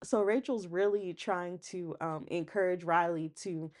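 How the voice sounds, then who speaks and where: A chatty woman talks straight to her viewers, recapping a reality show. She laughs often and slips into quick impressions of what people said, keeping it loose and casual. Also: on the low side, steady tone, a little mellow. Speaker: YouTube recap host.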